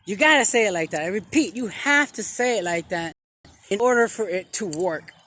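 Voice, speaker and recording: A man acting as a self-styled street preacher in a comic vlog sermon, speaking theatrically with dramatic pauses and repeated phrases. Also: high-pitched, expressive, sharp tone.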